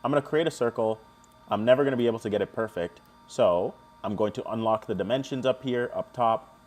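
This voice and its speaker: A young man hosting a live stream, chatting casually and joking with viewers as he walks through a software tutorial. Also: mid-range voice, a little fast. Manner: chatty, jokey, talks to chat viewers.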